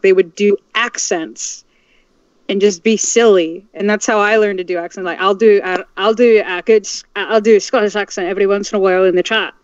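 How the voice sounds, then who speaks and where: A woman chatting casually on a livestream in a relaxed, easygoing way. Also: mid-range voice, clean tone, no room sound. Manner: relaxed, chatty, laughs easily. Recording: dry, slightly dull mic.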